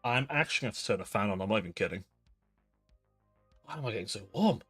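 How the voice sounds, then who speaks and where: A man's voice: lowish voice, animated, quick pace, a bit bright, breathy edge, faint music behind. A young man hosting a live stream, chatting casually with his chat, rambling and laughing at himself. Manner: giggly, rambling, self-deprecating. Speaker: livestream host.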